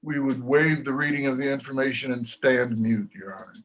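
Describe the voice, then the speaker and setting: A man working as a defense attorney, speaking in brisk, formal, formulaic courtroom phrases. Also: medium pitch, steady tone, a little hiss or hum, low-quality recording. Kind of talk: courtroom proceedings.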